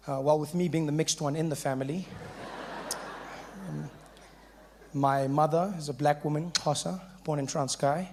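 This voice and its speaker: A South African stand-up comedian tells stories with animation, dropping punchy asides along the way. His voice is a little high and his pace normal, with long pauses, and there's noise in the background.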